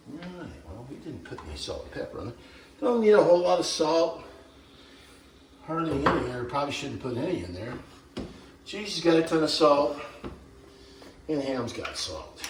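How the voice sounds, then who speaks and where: A vlogger in his sixties chats folksily in a medium-pitched voice while cooking in his home kitchen, rambling and joking about himself. The mic is distant, giving a roomy sound with background noise, in this casual kitchen vlog.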